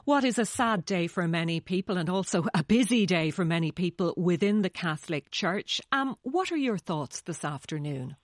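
Woman anchor reading the news, low-ish voice, dry studio. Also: lively intonation, no echo. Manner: measured, formal questioning. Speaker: news presenter. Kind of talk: broadcast news presenting.

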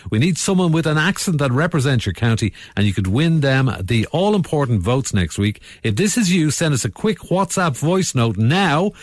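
Lively Irish radio host, man. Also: on the high side, normal speed, hardly any pauses, no echo. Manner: chatty, jokey, banters with co-host. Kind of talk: upbeat radio chat. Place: radio studio. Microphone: studio microphone.

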